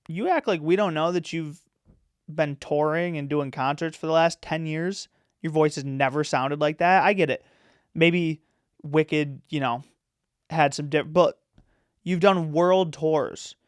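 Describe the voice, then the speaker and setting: Smooth-voiced man ranting on a podcast. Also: on the high side, measured pace, no echo, studio quality. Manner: rambling, opinionated, full of fillers. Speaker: podcast host. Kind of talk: casual chat.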